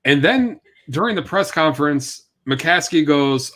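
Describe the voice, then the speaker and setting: A man's voice: fairly high pitch, lively intonation, a little slow, few pauses, a bit bright. Man co-hosting sports talk, incredulous. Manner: short agreeing interjections, then incredulous. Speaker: sports talk show co-host.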